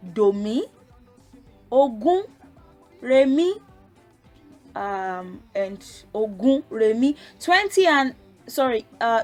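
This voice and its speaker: A woman gives a spoken language lesson at a slow, unhurried pace. She explains patiently, one step at a time, and sounds out syllables to show the tones. Faint music plays behind her. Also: mid-range voice. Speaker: language teacher.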